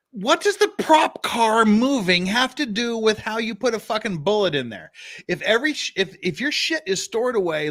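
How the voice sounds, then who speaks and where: A man's voice: sits high, a bit bright. A man in his fifties hosting a casual reaction livestream, profane and digressive, often laughing at his own jokes. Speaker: host reacting to interrogation footage.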